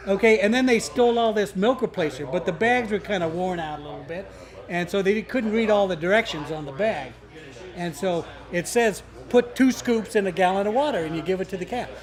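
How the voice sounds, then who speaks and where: A man's voice: high-pitched, brisk. A man telling an amused, chuckling story at a birthday gathering. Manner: amused, chuckling while explaining. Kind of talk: casual storytelling. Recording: crowd chatter behind.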